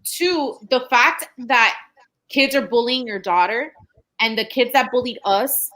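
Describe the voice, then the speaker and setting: A woman's voice: fairly high pitch, a little slow, sharp tone. A woman co-hosting a podcast, making her points emphatically and one by one in casual chat. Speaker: podcast co-host.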